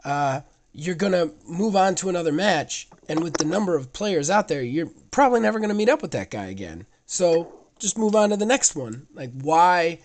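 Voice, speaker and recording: Hoarse, raspy man hosting a podcast. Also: fairly high pitch, sing-song, moderate pace. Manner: rambling, swears casually. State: hoarse, sick voice. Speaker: podcast host. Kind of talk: casual gaming podcast chat.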